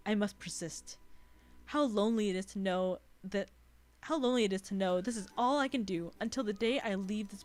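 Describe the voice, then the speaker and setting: A woman's voice: fairly high pitch, close to an everyday voice. A woman voicing a haughty, sinister female alien noble who broods over her loneliness as she reads a visual novel aloud. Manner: brooding, self-pitying monologue.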